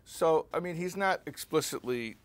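A man leads an informal class in a conversational way. He tells personal stories and slows right down to stress his key points. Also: a little high, animated. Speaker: Torah teacher.

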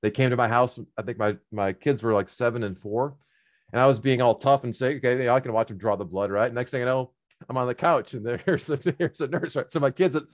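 A man's voice: medium pitch, fast. A middle-aged man casually telling a long personal story, rambling with many fillers and restarts.

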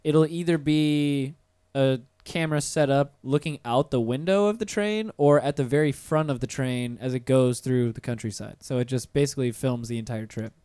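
A man's voice: mid-range voice, normal speed, dark tone, clean tone, dry recording. A man hosting a podcast in a studio, chatting casually, teasing and swearing freely. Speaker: podcast host. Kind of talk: casual chat. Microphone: studio microphone.

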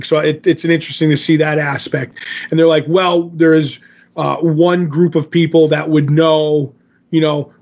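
A man's voice: a little high, dull audio. A man co-hosting a podcast, casually recapping a comic with many restarts and loosely acted dialogue. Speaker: podcast co-host.

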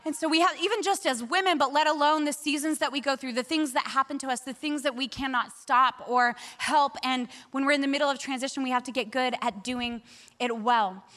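Bright, high-voiced woman preaching. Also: a little fast. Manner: animated storytelling, laughs often. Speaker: pastor. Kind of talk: sermon.

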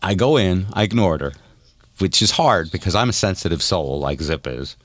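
Podcast co-host, male, very low voice, lively delivery, dry close mic. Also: normal speed, no room sound. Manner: animated, self-mocking storyteller. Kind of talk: casual storytelling chat.

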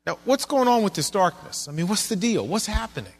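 A man's voice: high voice, sing-song, a little fast, vocal fry, long reverb tail. A man preaching a sermon in a conversational way, asking his listeners questions as he goes. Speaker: pastor.

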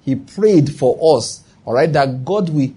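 A man's voice: fairly high pitch, animated, measured pace, warm tone, slightly rough. A man with a Nigerian accent preaching a sermon, emphatic and often asking whether listeners follow his point. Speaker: pastor.

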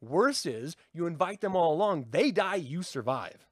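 A man's voice: normal speed, dry recording, studio quality. A middle-aged man rambling and joking in casual chat with his live viewers, laughing often. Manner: animated, jumps in pitch. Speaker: livestream host.

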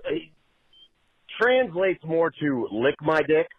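A man calling in from his car, explaining slowly with many hesitations. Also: on the high side, sing-song, a little hiss or hum. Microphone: phone call. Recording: tinny phone line.

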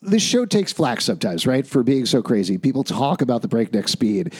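A male podcast co-host with a middle-pitched voice, talking through a TV episode in relaxed, casual conversation. He picks apart small details and drops wry jokes along the way. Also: brisk, slightly rough. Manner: wry, analytical, joking asides. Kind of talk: casual recap chat.

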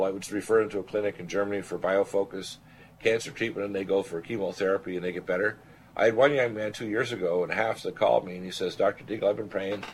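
Older guy on talk radio, lowish voice, goes on and on, clears his throat a lot, faint hiss behind. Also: rough recording. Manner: animated testimony, rambling with fillers and throat clearing. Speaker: radio show host, physician. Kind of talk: storytelling on a talk radio show.

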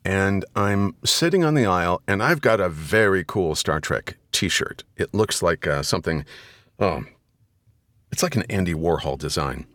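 A middle-aged man with a very deep voice tells a story as a podcast guest. He is animated and swears freely, and breaks into loud, high-pitched asides. The sound is dry and close to the mic. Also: unhurried, no echo. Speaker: audiobook narrator and guest. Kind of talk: casual storytelling interview.

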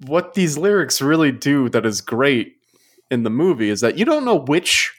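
Thoughtful man, medium voice, halting. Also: medium pitch, big pitch swings. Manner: thoughtful, halting, many restarts. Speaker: podcast co-host. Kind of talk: casual movie review chat.

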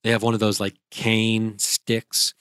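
Young male guest, lowish voice, vivid casual storyteller, dry close sound. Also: monotone, a little slow, fairly bright tone, clear, resonant tone, no room sound. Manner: vivid, breathless retelling with restarts.

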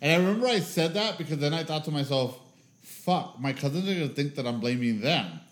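A man co-hosting a podcast who tells stories against himself in a casual, lively way, swearing and laughing. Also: fairly high pitch, brisk, echoey room. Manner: lively, self-mocking storyteller, swears, laughs. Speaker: podcast co-host. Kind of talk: casual chat.

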